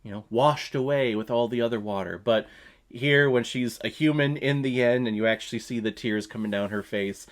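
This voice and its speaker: Animated man giving a movie review. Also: medium pitch, moderate pace. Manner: animated, emphatic, laughs often. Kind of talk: casual opinionated review.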